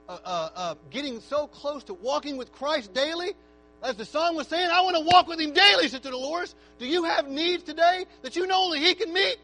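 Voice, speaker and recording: High bright-voiced preacher man. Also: slight background noise, rough recording. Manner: quiet reflective build-up rising to shouted fervent altar call. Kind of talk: sermon. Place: church.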